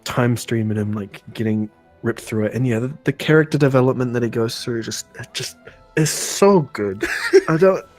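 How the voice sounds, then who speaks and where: Male co-host, mid-pitched, keen casual take, faint music beneath. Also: expressive. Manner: enthusiastic, halting restarts. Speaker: podcast co-host. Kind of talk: casual chat.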